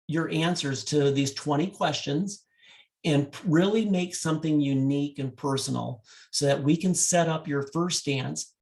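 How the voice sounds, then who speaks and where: A man working as a wedding DJ, speaking directly to couples and telling a love story in an animated way. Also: on the high side.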